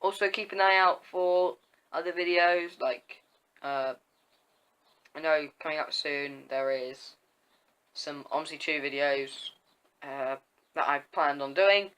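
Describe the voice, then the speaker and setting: Young guy reading his diary story out loud, bright sharp voice, keeps stumbling n restarting. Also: on the high side, clear, resonant tone, poor audio. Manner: halting reading with frequent restarts. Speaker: story reader and channel host.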